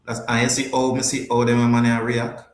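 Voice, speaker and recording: Jamaican male podcast host, mid-pitched, loose and emphatic, repeats himself, talks to viewers live, echoey room. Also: completely flat delivery, a little fast. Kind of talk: casual livestream chat, answering viewers.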